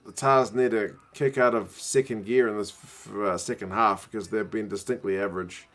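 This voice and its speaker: A man's voice: lowish voice, fairly even intonation, moderate pace, fairly bright tone. A man with a New Zealand accent, chatting casually on a live stream as he watches a rugby match and answers viewers. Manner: chatty, reads viewer comments aloud, says bro.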